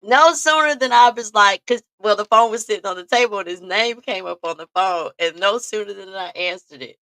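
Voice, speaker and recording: A woman's voice: medium pitch, a little fast, a bit bright, no echo. A woman hosting a casual talk show, telling stories with lots of animation and frequent laughter, talking straight to her listeners. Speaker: podcast host. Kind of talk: casual storytelling chat.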